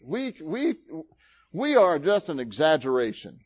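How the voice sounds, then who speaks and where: A man's voice: on the high side, huge pitch swings, measured pace, slightly rough, muffled recording. A male preacher giving a sermon in a folksy, emphatic way with teasing asides.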